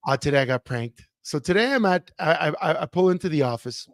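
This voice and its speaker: Man co-host, animated storyteller, slightly high voice, dry sound. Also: a little fast, dry recording. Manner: animated storyteller, many fillers and restarts. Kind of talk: casual sports talk show chat. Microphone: remote computer mic.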